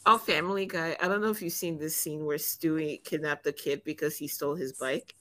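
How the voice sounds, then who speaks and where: A young woman with a somewhat low voice chats casually as a podcast co-host. She is blunt and slangy, and her delivery is relaxed and offhand. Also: brisk. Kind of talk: casual chat.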